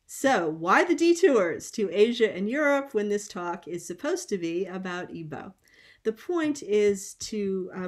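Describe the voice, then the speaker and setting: A woman lecturing on linguistics at an academic colloquium, speaking in a measured, explanatory way with frequent pauses and ums, over a video call. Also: medium pitch. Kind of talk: academic conference talk.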